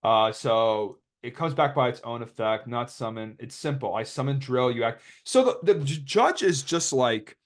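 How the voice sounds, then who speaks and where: A man's voice: medium pitch, animated, normal speed, hardly any pauses. A young man casually commentating over his card game replays, rambling and joking as he retells a dispute. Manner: rambling, joking, quotes others in put-on voices.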